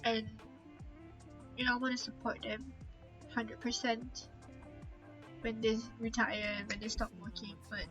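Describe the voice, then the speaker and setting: A woman's voice: fairly high pitch, little pitch movement, unhurried, long pauses, over music, low-quality recording. A young woman streamer chatting candidly and openly, holding back tears, trailing off often with fillers. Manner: open, heartfelt, trailing off with many fillers. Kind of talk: candid casual chat.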